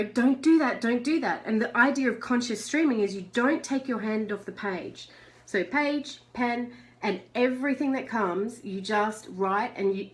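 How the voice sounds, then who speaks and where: A middle-aged woman hosting a live video chat. She talks chattily, reads out viewer messages, and laughs often. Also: mid-range voice. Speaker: host.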